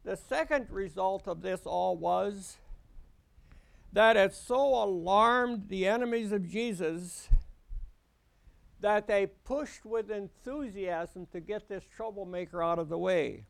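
A man preaching a sermon, slow and deliberate, rising into emphatic lines. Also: high-pitched, vocal fry.

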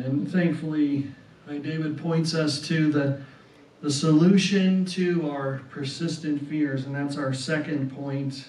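A man with a high voice preaches a sermon at an unhurried pace, often doubling his words and checking in with "right?". He sounds set back from the mic, and a roomy echo hangs around his words, as in a church hall. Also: fairly even intonation, a little mellow, distant mic. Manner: slow and deliberate, often repeats words and adds "right?".

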